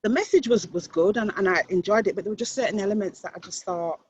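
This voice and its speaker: A woman's voice: mid-range voice, fast talker, slight background noise. A woman on a casual live-streamed panel chat, earnest and reflective, thinking aloud. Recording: dull lo-fi stream audio.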